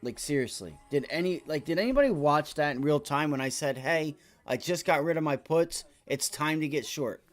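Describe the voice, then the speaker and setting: A man's voice: on the high side, normal speed, few pauses, faint music behind. A man commenting live on his trades during a stock trading stream, swearing often and rambling. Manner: profane, excitable, rambling. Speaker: livestream day trader.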